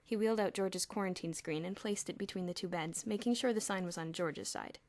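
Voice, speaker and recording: A woman's voice: on the low side, a little fast, few pauses, a little mellow, no room sound. A woman narrating an audiobook expressively, with audible lip-smacking. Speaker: audiobook reader. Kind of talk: storybook narration. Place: home room with traffic nearby.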